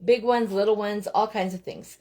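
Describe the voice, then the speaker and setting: A woman's voice: mid-range voice, fairly even intonation, moderate pace, a little mellow, slight background noise. A woman chatting casually with her viewers as she crafts at home, often breaking off to speak to her young children. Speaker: host of a live crafting stream. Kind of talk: casual chat while crafting.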